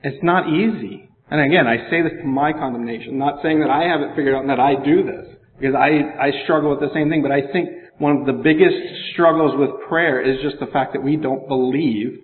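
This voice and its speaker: A man's voice: medium pitch, brisk, hardly any pauses, a little hiss or hum. Man preaching in an echoey hall. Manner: conversational, asks the listeners questions; reads scripture in older English. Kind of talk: sermon. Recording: echoey hall over a phone-like line.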